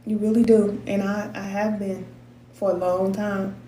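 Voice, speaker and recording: A woman's voice: medium pitch, level tone, unhurried, mellow, a little hiss or hum. A middle-aged woman giving spiritual advice to her viewers in a candid, emotional, slangy way. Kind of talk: casual heartfelt talk to viewers. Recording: roomy echoey sound.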